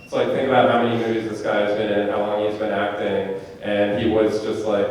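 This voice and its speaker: A man's voice: fairly low pitch, flat delivery, darkish tone, slight background noise. A man, a film director, answering audience questions at a screening in a casual, rambling way with lots of fillers. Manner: chatty, rambling with fillers and quick asides. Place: movie theater auditorium. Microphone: handheld microphone. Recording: echoey theater heard from far off.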